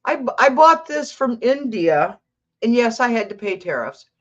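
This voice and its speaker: A woman's voice: fairly high pitch, very animated, moderate pace, muffled recording. An older woman hosting a tarot livestream, chatting casually, reading out viewer comments and talking to her cat.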